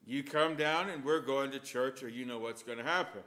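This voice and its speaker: A man's voice: medium pitch, moderate pace, pushed and bright, voice pushed down, close to an everyday voice. A man voicing a firm father scolding his son in a sermon story. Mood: stern. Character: stern father of a young boy.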